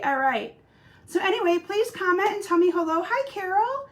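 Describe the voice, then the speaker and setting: Chatty woman with a slightly hoarse voice. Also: very high-pitched, expressive, normal speed. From Michigan, US. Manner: chatty, greets viewers by name, many fillers. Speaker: craft demonstrator hosting a weekly live stream. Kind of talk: casual live-stream chat with viewers.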